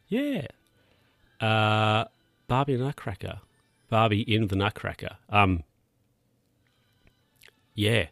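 A man's voice: medium pitch, a bit bright, dry recording, studio quality. Rambling jokey man recapping a film. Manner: rambling, jokey, crude asides, many restarts. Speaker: film reviewer.

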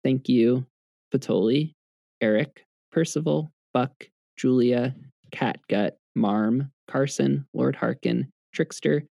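A man with a gravelly, fry-tinged voice sits close and dry to the mic as he signs off his podcast. He rambles casually, piling on ums and restarting his sentences. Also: mid-range voice, slow pace, mellow, no room sound, highs cut off. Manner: rambling, with frequent fillers and restarts. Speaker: podcast co-host.

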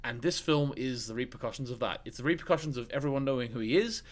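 A man's voice: mid-range voice, quick pace. A young man co-hosting a podcast, chatting casually about films with lots of restarts and fillers. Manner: rambling, many restarts and fillers. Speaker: podcast co-host. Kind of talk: casual film chat.

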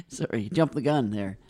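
A man's voice: medium pitch, expressive, measured pace, darkish tone, husky. A young man from British Columbia, a comedian guest, chatting easily and agreeably and laughing often. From British Columbia, Canada. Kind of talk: casual chat.

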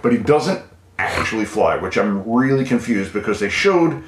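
A man co-hosting a podcast in casual chat, with dry, deadpan asides. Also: lowish voice, moderate pace, background noise. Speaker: podcast co-host. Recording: roomy echo.

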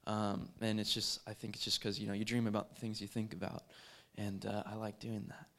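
A man telling a personal faith testimony in an earnest, halting way, with many fillers and restarts. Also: lowish voice, completely flat delivery, fairly bright tone. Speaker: street evangelist.

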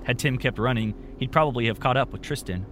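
A man narrating a story in a steady, plain storytelling manner. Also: medium pitch, fast talker, a little hiss or hum.

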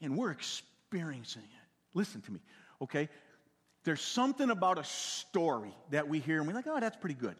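Older guy preaching, folksy, stumbles over repeated words, high voice, big reverby hall. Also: huge pitch swings, a little fast, slightly rough. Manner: folksy, repeats words, swings from loud to hushed. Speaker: pastor. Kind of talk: sermon.

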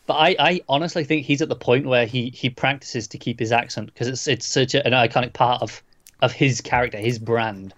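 A man's voice: medium pitch, fairly even intonation, brisk, a bit bright. A man co-hosting a podcast, chatting casually about a film, often repeating words as he searches for his point. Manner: hesitant, repeats words as he thinks. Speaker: podcast co-host. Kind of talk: casual film review chat.

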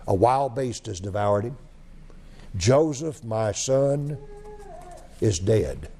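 A man voicing a heartbroken old father in a sermon retelling, with a low, gravelly voice. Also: animated, slow pace, mellow, exaggerated voice. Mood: grief-stricken.

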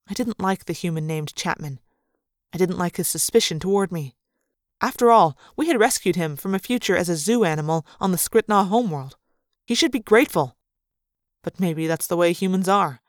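A woman reads a novel aloud in a fairly low voice, picked up close and dry with no room sound. She gives each character's lines a slightly different voice. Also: no echo. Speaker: audiobook reader. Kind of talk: fan read-aloud of a novel.

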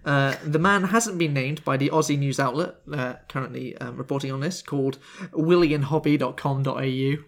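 A chatty podcast host reads a story out in a jokey, loose way, with lots of laughs and small restarts, all casual chat. The voice is an everyday middle pitch at a normal speed, with few pauses.

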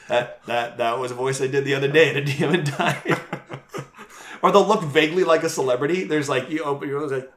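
A man's voice: on the high side, fairly quick, a bit bright, reverberant. A man who runs a live tabletop game show, chatting animatedly and laughing often in an interview. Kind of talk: casual interview chat.

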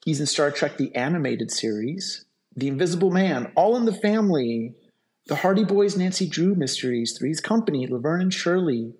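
A man's voice: fairly high pitch, lively intonation, moderate pace, a little mellow. A man co-hosting a casual podcast, enthusiastically reading out actor trivia. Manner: enthusiastic, reads trivia aloud. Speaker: podcast co-host.

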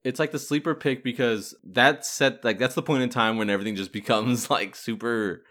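A man's voice: medium pitch, normal speed, fairly bright tone. A young man co-hosting a podcast, chatting casually about a movie, laughing often and acting out quotes. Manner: laughs often, quotes film lines in a put-on voice. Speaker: podcast co-host.

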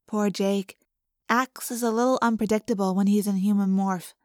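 A woman voicing a calm, practical teenage girl in a soft, matter-of-fact way for an audiobook. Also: mid-range voice, moderate pace, no echo, clean studio sound, close to an everyday voice. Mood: amused. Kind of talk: audiobook character voice.

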